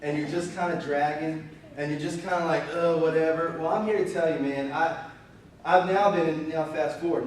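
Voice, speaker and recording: A man gives an animated, chatty sermon as a youth pastor, his slightly strained voice sitting a little high. He sounds far from the microphone in a very echoey church hall. A faint hiss sits under the room. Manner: animated, conversational, breaks into laughter. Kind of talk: storytelling sermon.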